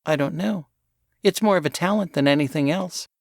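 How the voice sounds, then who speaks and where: A man voicing a bright, quick-witted teenage girl who teases playfully. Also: on the high side, gravelly, no room sound, studio quality, voice pushed up. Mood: teasing. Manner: playful, teasing.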